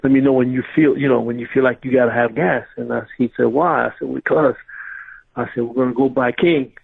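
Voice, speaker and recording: Ex-wrestler guy phoning in, raspy voice, thin phone sound, cracks up telling stories. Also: medium pitch, fairly quick. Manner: animated storyteller, laughing through his stories. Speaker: former pro wrestler, guest. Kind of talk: casual storytelling interview. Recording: tinny phone-line audio.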